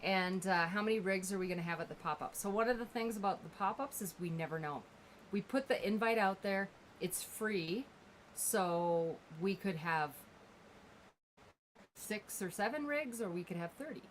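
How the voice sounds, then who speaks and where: A woman's voice: medium pitch, lively intonation, moderate pace, slight background noise. A woman co-hosting a live stream in chatty, casual talk, reading out names and plans.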